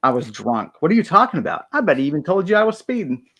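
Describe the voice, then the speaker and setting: A man's voice: on the high side, sing-song, quick pace, sharp tone, voice pushed up, full character voice. A man voicing a baffled, rambling male driver in a joke he tells at the gaming table.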